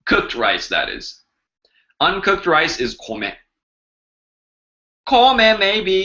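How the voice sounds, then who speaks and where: Brief: male live-stream teacher, animated delivery, bright tone, dull lo-fi audio. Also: sits high, extremely slow, long pauses. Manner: chatty, joking, animated. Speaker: language teacher hosting a live Q&A. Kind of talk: casual live-stream lesson.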